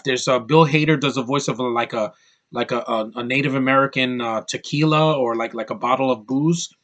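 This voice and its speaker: A man's voice: medium pitch, fairly bright tone. A man giving a casual, rambling movie review to camera, opinionated and full of fillers and restarts. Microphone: camera mic, close to camera.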